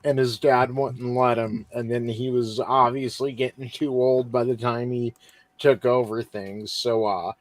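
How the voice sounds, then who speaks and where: Man, mid-pitch, dry close sound, laid-back podcast host. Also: fairly even intonation, measured pace, dry recording. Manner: easygoing, wraps up the show. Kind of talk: casual chat and show sign-off.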